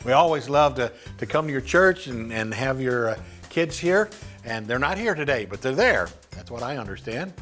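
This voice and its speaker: A man acting as a ventriloquist guest in a comic children's Bible lesson, patient and chatty and quick to laugh. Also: medium pitch, lively intonation, fairly bright tone, faint music behind.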